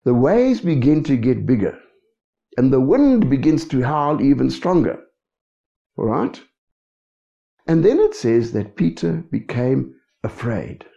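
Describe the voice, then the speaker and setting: A man's voice: medium pitch, very animated, unhurried, creaky, pauses often, dark tone. A man preaching a sermon, who keeps checking in with his congregation. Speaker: pastor. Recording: dull lo-fi recording.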